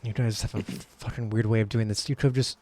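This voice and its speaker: A man's voice: fairly low pitch, steady tone, fast talker, a little mellow, voice pushed down, lightly acted. A man voicing a weary, blunt knight in a tabletop game, speaking in a plain, exasperated way.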